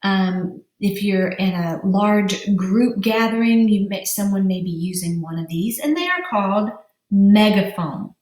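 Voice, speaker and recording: A woman's voice: medium pitch, expressive, a little mellow, reverberant. A woman teacher giving a vocabulary lesson to young children, stretching out words and spelling letters aloud. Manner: slow, drawn-out syllables, spelling letters aloud.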